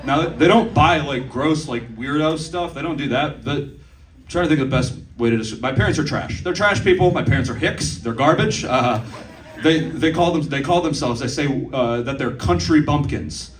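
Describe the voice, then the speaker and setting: Recorded from afar in a roomy club with a little hiss or hum, this comic in his twenties has a fairly high voice and a moderate pace. His stand-up set is loose, profane storytelling with asides to the crowd, and audience laughter runs underneath.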